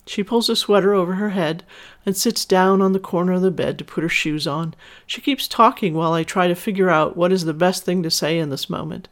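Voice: medium pitch, moderate pace. A storyteller narrating a first-person story and adding chatty, casual asides. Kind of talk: erotic story narration with commentary.

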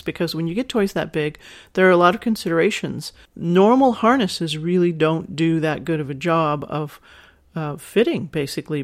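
A woman hosting an advice podcast, talking frankly and casually, reading listener emails and laughing often. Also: low-pitched. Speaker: sex advice podcast host.

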